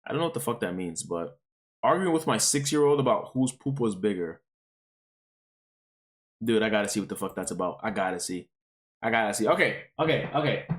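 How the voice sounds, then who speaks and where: A man's voice: fairly low pitch, animated, a little fast, pauses often. A man streaming, reading online posts aloud and reacting to them in a profane, rambling, exclaiming way.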